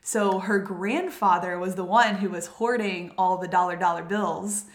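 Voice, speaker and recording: This podcast host is a Southern-accented woman whose fairly low voice stays fairly even at a moderate pace. Giggling and chatty, she spins a casual story and stumbles on names, all captured in an echoey room.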